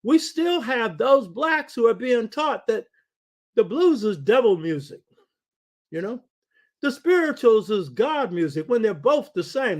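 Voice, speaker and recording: A man's voice: high-pitched, a little mellow. An older man hosting a talk show, lecturing in a preaching cadence and often calling out to his listeners for agreement. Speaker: show host. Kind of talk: lecture-style radio talk.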